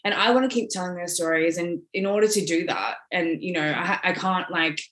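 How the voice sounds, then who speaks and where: A woman in her thirties, an exhibition organiser appearing as a podcast guest, chats casually in a rambling way, restarting sentences and saying "like" a lot. Her voice is fairly low, animated and brisk, with a slightly bright tone.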